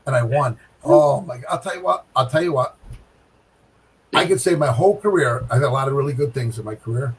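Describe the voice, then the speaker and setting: A middle-aged man telling a bowling story in casual chat, animated, with sound effects and repeated phrases. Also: mid-range voice, a little fast, husky, far from the mic, poor audio. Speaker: guest pro bowler.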